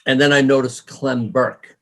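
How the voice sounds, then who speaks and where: A middle-aged New York man with a mid-range voice talks a little slowly as a musician guest in a storytelling interview. Animated, he acts out quoted voices and laughs often.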